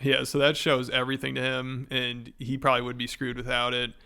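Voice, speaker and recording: A man's voice: mid-range voice, completely flat delivery, a little fast, creaky, very noisy. A man casually recapping a story for a commentary video, in a chatty, informal way.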